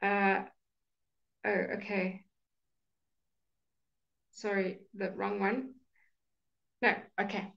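A woman's voice: mid-range voice, level tone, extremely slow, gravelly, long pauses, dull audio. A woman teaching English grammar in a live online class, explaining patiently and checking in with "okay?".

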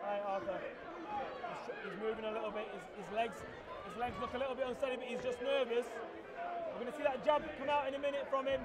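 A man giving excited live commentary at a boxing fight, shouting encouragement to the fighter. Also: very high-pitched, fairly quick. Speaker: ringside commentator. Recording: loud crowd and noise at a boxing event.

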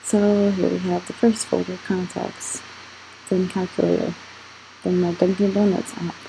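Young adult woman, channel host; dark, relaxed tone, rambling unhurried walkthrough delivery. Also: lowish voice, gravelly, slight background noise, poor audio. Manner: rambling, questions her own scrolling. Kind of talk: casual screen walkthrough vlog.

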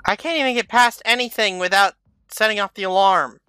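A player in a co-op video game, chatting casually and calmly giving directions to a teammate. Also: medium pitch, brisk, smooth, dry recording, soft background music. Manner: steady, explains and directs.

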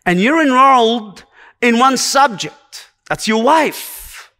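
A high-pitched man delivering a sermon at an unhurried, deliberate pace. He preaches earnestly, stacking short repeated commands to press each point home. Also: lively intonation, sharp tone.

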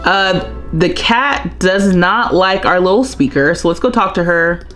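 A woman's voice: lowish voice, measured pace, a bit bright, soft background music. A young woman streaming a life-simulation game live, chatting and thinking aloud as she plays. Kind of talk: live gameplay commentary.

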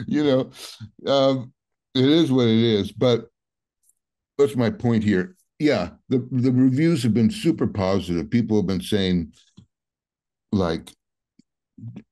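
A man in his seventies talks as an interview guest, with a warm, mellow tone. His pitch sits mid-range for a man. He rambles and circles back with easy filler words and the occasional soft laugh. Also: takes it slowly, long pauses. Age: 70s. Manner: rambling, relaxed, full of "you know" and soft laughs. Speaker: guest musician. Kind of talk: casual interview chat.

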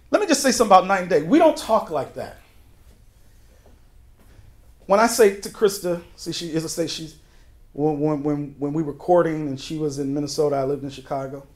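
Going through a Bible book one verse at a time, this man preaches in a slightly high voice with a relaxed, conversational feel and homespun digressions. His emphasis swings fast, hitting hard and then abruptly dropping to a hush.

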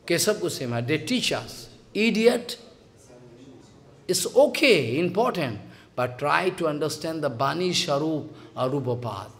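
A man's voice: a little high, lively intonation, normal speed. A man with a Bengali accent giving a devotional sermon as a spiritual teacher, emphatic and scolding, repeating phrases and acting out quotes.

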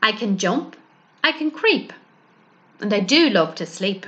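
A woman's voice: mid-range voice, very animated, measured pace, fairly bright tone. A woman doing a childlike little bear. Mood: proud. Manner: childlike and pleading. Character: little male bear, childlike, eager and easily upset.

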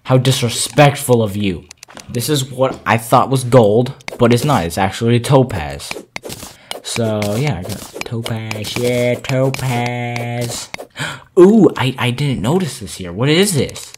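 A man giving casual, excitable commentary while playing a video game, gasping at finds and talking to his viewers. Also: mid-range voice, slow, a little hiss or hum. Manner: excitable, gasps and exclaims at discoveries, chats to viewers. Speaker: gaming channel host.

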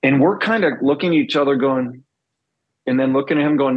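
A middle-aged man, a former band bassist, telling stories in a casual interview and acting out the dialogue he recalls. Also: a little fast, rough recording. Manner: animated storyteller, acts out quoted dialogue.

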